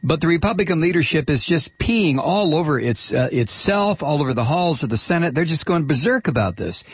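A man hosting a political talk radio show, ranting and mocking in a halting way full of fillers, with sudden high-pitched shouts. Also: animated, husky, no room sound. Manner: halting, with many fillers and restarts.

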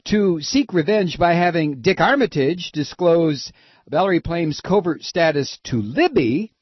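Sarcastic, husky high-voiced ranting man. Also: animated, unhurried, no echo. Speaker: radio commentary host. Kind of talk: sarcastic political commentary. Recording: dull, dry lo-fi sound.

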